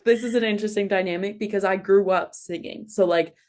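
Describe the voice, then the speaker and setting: Excitable woman hosting a podcast. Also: mid-range voice. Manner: excitable, quick to exclaim and laugh. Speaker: podcast host. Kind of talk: casual interview chat.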